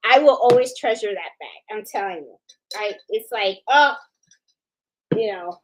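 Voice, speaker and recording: A woman's voice: medium pitch, lively intonation, a little slow, slight background noise, rough recording. A middle-aged woman from New York City hosting a casual live chat, talking in a loose, chatty way full of fillers and restarts and greeting viewers one by one. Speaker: livestream host.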